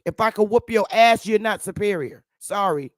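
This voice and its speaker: A woman's voice: mid-range voice, normal speed, no echo, clean studio sound. A woman talking straight to the camera in a casual monologue, blunt, heavy on profanity and emphatic. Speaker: online commentator.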